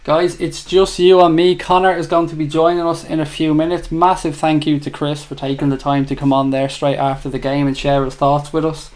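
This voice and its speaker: A man's voice: a little high, flat delivery, fairly quick, few pauses, a little mellow. A man with an Irish accent hosting a live fan chat show, reading out viewer comments and bantering in a chatty, teasing way. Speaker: livestream host.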